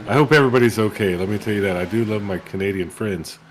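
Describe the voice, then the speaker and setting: A man's voice: on the low side, normal speed, slight background noise, rough recording. A man doing casual co-commentary on a sim race, easygoing and full of friendly banter. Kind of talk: casual color commentary and chat.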